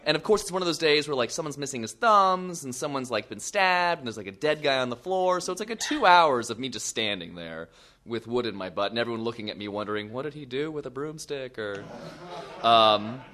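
A young man with a middle-pitched voice tells an embarrassing tale to a crowd. He is self-mocking and animated, breaking off for quick asides. His delivery is loose, personal and comic. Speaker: storyteller. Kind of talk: live comic storytelling.

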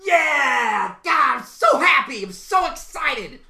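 A woman putting on the voice of a cocky, sleazy male pro wrestler, shouting and boasting. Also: high voice, very animated, takes it slowly, vocal fry, reverberant, voice pushed up, heavily acted.

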